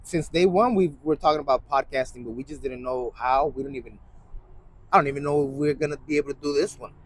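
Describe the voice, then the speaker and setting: A man's voice: mid-range voice, fast talker. A man co-hosting a casual podcast at a plant nursery, playful and jokey. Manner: playful, jokey, drops in goofy sung bits. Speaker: podcast co-host. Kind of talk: casual chat. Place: plant nursery beside a shed. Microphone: small cheap mic.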